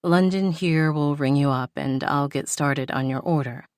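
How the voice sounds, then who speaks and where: A woman's voice: low-pitched, normal speed, darkish tone, smooth, no room sound, clean studio sound, natural voice. A woman voicing a polite, flustered store owner speaking to a customer.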